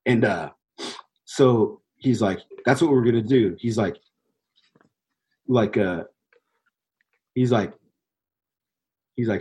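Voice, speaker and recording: A man's voice: on the low side, slow pace, long pauses, darkish tone, slight background noise, poor audio. A young man telling a rambling story about his band in a casual, laid-back chat. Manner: laid-back, rambling, heavy fillers, swears freely. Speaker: touring band musician.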